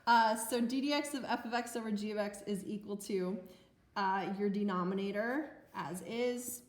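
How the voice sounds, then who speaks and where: A woman's voice: medium pitch, normal speed. A woman teaching math in a recorded lecture, chatty and playful, poking fun at herself with filler ums. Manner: chatty, playful, self-mocking. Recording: roomy echo.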